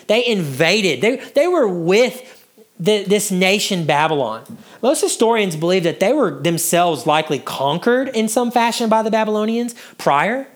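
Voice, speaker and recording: A man preaching a teaching sermon with a very lively, swinging pitch. He walks the congregation through the text, stops often to ask whether they follow, and sometimes sinks to a near-hush for emphasis. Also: unhurried. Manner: teaching, asks the congregation questions; drops to a hushed voice to draw listeners in. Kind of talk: expository sermon.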